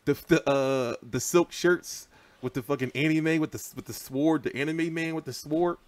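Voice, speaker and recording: Here the boxing livestream host, a man in his thirties, talks at normal speed in a slightly high voice with no room sound. He chats loosely and profanely, rambling animatedly as he responds to viewers.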